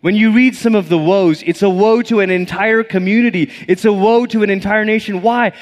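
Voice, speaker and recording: A man's voice: sits high, steady tone, fairly quick. A male pastor delivers a sermon with a slightly raised voice, switching into acted-out inner voices as he tells a story. He is a little out of breath. His words ring with the long reverb of a church hall.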